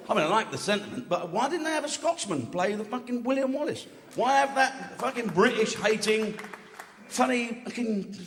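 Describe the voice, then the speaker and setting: A man's voice: sits high, noisy background. Crude, swearing male stand-up comedian. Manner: crude, swearing, conversational with the audience. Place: large live comedy venue. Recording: echoey hall with crowd laughter.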